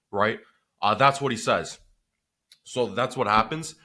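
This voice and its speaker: A man who runs a business telling a story in a casual vlog, animated and swearing freely with lots of filler. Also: on the low side, unhurried.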